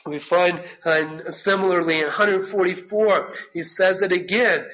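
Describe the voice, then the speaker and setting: A man's voice: sits high, steady tone, measured pace, few pauses, highs cut off. A man preaching a sermon, earnestly reading and explaining scripture verses. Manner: earnest, reads scripture aloud, self-corrects.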